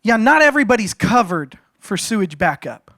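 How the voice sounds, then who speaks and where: A man's voice: high-pitched, very animated, normal speed, sharp tone, no echo, clean studio sound, exaggerated voice. Woman insurance agent, voiced by a male pastor, plain-spoken and matter-of-fact.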